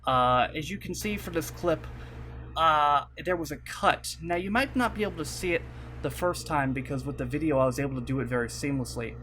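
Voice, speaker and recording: A man's voice: a little high, fairly quick, pushed and bright, a little hiss or hum. A young man making a casual vlog from his computer desk, rambling with lots of fillers and apologizing. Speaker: YouTuber. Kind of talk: casual vlog talk to camera. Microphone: desk mic at webcam setup.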